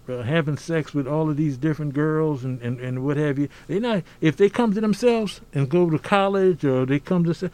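This older American man has a fairly high pitch and a dark tone. As a podcast guest in a conversational interview, he talks emphatically and preacherly, often adding "see?".

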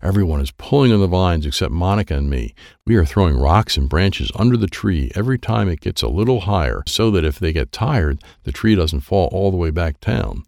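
A man narrating a children's chapter book in an animated, playful way, voicing the sound effects himself. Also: low-pitched, a little fast, gravelly, few pauses, no echo, studio quality. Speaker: audiobook narrator.

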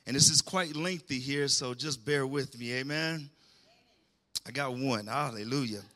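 A man's voice: medium pitch, unhurried, bright, forceful tone. A man preaching a sermon, calling out to the congregation and rising into emphatic bursts.

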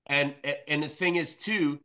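A man from New York City talks in casual podcast chat, blunt and animated, dropping swear words as he goes. His voice sits a little high and comes across bright and forceful. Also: unhurried. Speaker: podcast guest.

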